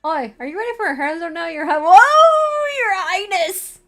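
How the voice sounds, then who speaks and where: A woman voicing a boisterous, teasing male friend from a visual novel, playful and loud. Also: extremely high pitch, animated, unhurried, faint music behind, voice pushed up, full character voice. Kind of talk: reading visual novel lines aloud.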